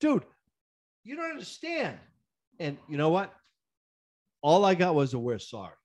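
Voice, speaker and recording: A man in casual chat, telling a story in an animated, ranting way, acting out both sides of phone calls and climbing sharply in pitch when riled. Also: measured pace. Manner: acts out the other side of phone calls; repeats himself, frequent restarts.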